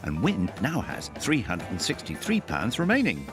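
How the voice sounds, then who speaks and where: A man's voice: on the low side, wildly swooping pitch, moderate pace. A man giving scripted TV narration in a playful, punning style. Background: music.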